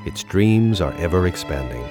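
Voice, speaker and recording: A man reading a scripted documentary narration in a solemn, measured way. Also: low-pitched, lively intonation, over music.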